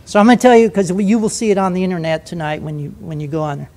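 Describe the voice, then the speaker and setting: An older man tells a flying story to an audience with lively energy. He speaks as a former pilot, animated and playful, slipping into quick asides. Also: high voice. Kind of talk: storytelling presentation.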